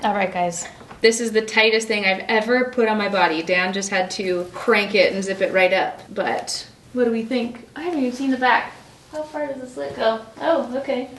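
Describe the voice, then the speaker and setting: A woman's voice: fairly high pitch, steady tone, fairly bright tone. Chatty woman vlogging in an echoey room. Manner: chatty and effusive, gushing, with many likes and quick asides. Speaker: beauty vlogger. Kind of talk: casual vlog chatter to camera. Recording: roomy echo, faint noise.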